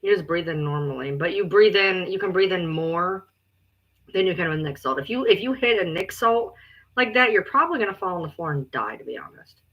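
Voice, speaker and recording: A woman livestreaming and chatting casually, blunt, exasperated and quick to swear. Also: on the low side, animated, slightly rough, dull audio.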